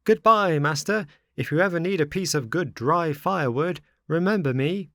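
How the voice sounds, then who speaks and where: A man's voice: on the high side, moderate pace, fairly bright tone, no room sound, studio quality, pitched above the performer's own voice. A man voicing a cheeky, boastful wooden puppet boy with a playful, mocking, sing-song manner. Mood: taunting.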